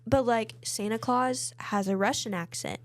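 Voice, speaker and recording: Animated young American woman. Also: on the high side, normal speed. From United States. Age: young adult. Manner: animated, emphatic, acts out quotes. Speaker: guest. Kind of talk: casual storytelling chat.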